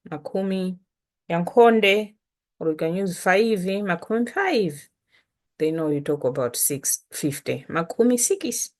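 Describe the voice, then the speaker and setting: Malawian woman, native Chitumbuka speaker, for a slow, patient, casual language-lesson read; pitch on the lower side. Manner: slow, patient, repeats words with frequent fillers. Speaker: language teacher. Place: home, online session.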